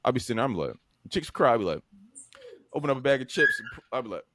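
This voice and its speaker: A young man, hosting a podcast and telling stories in an animated way, full of fillers, swearing and acted-out voices. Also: mid-range voice, rapid-fire, pauses often. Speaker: podcast co-host. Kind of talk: casual storytelling chat. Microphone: podcast microphone.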